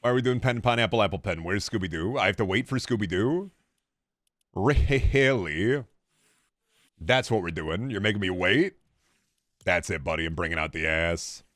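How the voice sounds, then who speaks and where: Man streaming games, sarcastic and lively. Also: sits low, normal speed, pauses often, no room sound, studio quality. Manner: sarcastic, joking banter. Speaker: game streamer. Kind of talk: casual gaming commentary.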